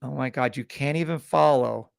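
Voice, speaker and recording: A man hosting a live trading stream, pitching a scanner and ranting bluntly at viewers, swearing freely and sounding exasperated. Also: normal speed, vocal fry, clean tone, no room sound, studio quality. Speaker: trading livestream host.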